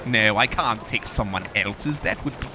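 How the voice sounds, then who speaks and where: A man hosts comedic gameplay commentary in character, pompous and theatrical, while game music and sound effects play. He speaks on the low side at a moderate pace.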